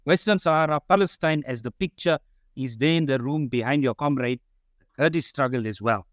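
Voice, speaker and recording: A man's voice: medium pitch, a little fast, dry recording, clean studio sound. Earnest man giving formal closing remarks. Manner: addresses everyone as comrade, earnest and solemn. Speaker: symposium speaker.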